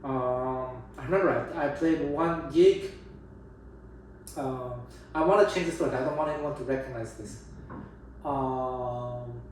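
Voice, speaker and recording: There's slight background noise as a man with a somewhat high voice, a jazz guitar teacher and host, discusses playing for an audience. His talk on music teaching is casual yet emphatic, full of restarted sentences, and the distant mic catches room echo and faint ambience.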